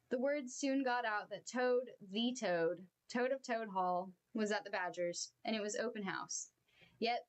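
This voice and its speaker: A woman reading a children's novel aloud, with expressive and emotional storytelling. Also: mid-range voice.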